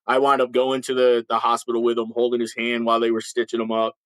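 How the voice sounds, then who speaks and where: A man's voice: mid-range voice, completely flat delivery, quick pace, a bit bright, clean tone, no echo, low-quality recording. A man in his fifties, a retired police officer, telling blunt stories in an interview with a slight lisp and frequent restarts. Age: 50s. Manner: blunt, emphatic, repeats words when starting sentences. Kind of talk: candid interview storytelling.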